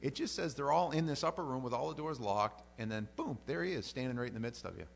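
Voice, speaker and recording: A male preacher delivering a sermon in a loose, conversational way, with a mid-range voice. He often stumbles and restarts phrases as he gets animated. A faint hum sits underneath. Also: medium pitch, quick pace, creaky.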